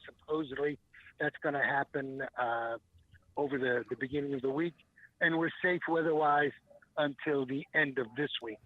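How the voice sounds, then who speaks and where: A man's voice: fairly high pitch, no room sound. Man rambling over a tinny phone line. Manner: rambling, many hesitations and restarts. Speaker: guest, small lure maker. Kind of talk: radio talk show call-in chat. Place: calling in by phone.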